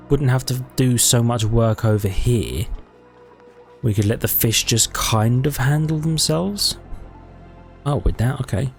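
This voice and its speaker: Guy doing chill game commentary, thinks out loud, fixes his own words, faint music behind. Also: medium pitch. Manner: thinking aloud, chatty, self-correcting. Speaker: gaming YouTuber. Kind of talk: casual let's-play commentary.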